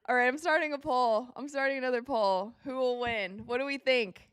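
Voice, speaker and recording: A young woman hosts a live watch party, commentating on each play and chatting with her viewers. Her voice sits a bit high and sounds smooth and clear. She is recorded close and dry, and she gets excitable on big moments. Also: moderate pace, few pauses, no echo. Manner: excitable, reacts loudly to plays, talks to viewers as you guys. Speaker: livestream host of a basketball watch party. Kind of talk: live game commentary to chat.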